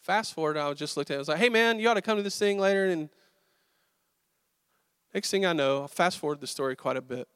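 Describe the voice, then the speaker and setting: A man preaching a sermon, telling stories in a casual, animated, conversational way. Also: on the high side, no room sound, studio quality. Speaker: pastor.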